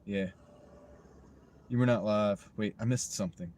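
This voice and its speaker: A man's voice: lowish voice, a little slow, darkish tone. An American man chatting casually with his livestream viewers from his parked car, joking and rambling as he reads comments. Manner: joking, rambling, talks to chat. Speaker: livestreaming gig-delivery driver. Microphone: wireless mini clip-on mic.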